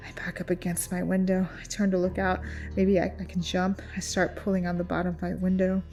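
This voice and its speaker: A woman narrating a first-person horror story in a tense, hushed, often whispered voice. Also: lowish voice, monotone, a little fast, soft background music.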